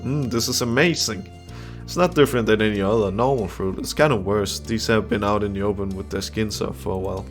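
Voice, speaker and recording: A man's voice: on the low side, fairly even intonation, fast, few pauses, faint music behind. A young man playing through a visual novel in a casual let's-play, reading the text aloud and adding crude, joking asides. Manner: reads the game text aloud, with frequent laughs and crude asides.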